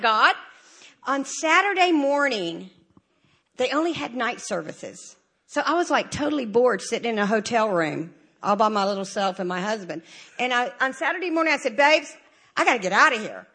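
A woman giving a lively, humorous church testimony and acting out the dialogue as she goes. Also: on the high side, husky. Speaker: church speaker sharing a testimony. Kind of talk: animated storytelling testimony.

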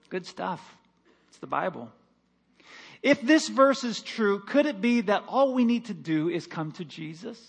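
A man pastor delivering a sermon, swinging between loud, slow declarations and quiet, quick asides. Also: a little high, expressive.

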